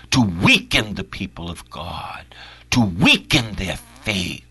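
A male preacher in prayerful preaching, who repeats his phrases and swings from loud cries to hushed whispers. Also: low voice, huge pitch swings, slow, breathy edge, dry recording.

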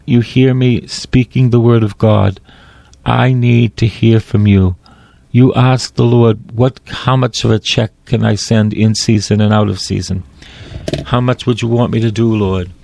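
A man's voice: on the low side, steady tone, vocal fry, mellow, no room sound. A man preaching and praying in a fervent, solemn way, often repeating phrases for emphasis. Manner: fervent, slow and solemn in prayer. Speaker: radio preacher. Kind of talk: prayer and sermon.

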